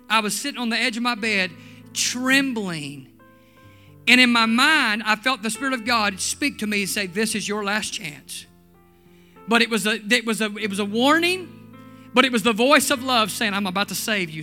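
A man preaching a sermon testimony, swinging from hushed storytelling to fervent shouting. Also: high voice. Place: church.

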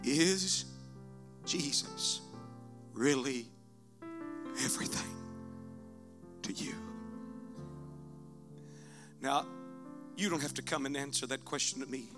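A man preaching a sermon in church, swinging between shouted exhortation and hushed prayer. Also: medium pitch, slow, long pauses, over music.

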